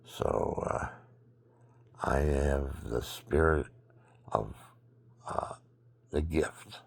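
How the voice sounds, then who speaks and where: A very low, gravelly male voice, husky and worn, rambling on about faith while fighting off sleep. He lurches from loud bursts down to near-whispers. It sounds like a phone recording in a dry, close room at home. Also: extremely slow, long pauses, no room sound. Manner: rambling, drifting between loud bursts and murmurs. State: sleepy, extremely tired. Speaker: vlogger. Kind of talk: rambling religious monologue.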